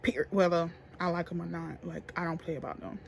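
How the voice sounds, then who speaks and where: A young woman telling a story to camera in a casual, profane, animated way, getting loud and then hushed. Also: on the low side, brisk, vocal fry, husky. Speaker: beauty vlogger.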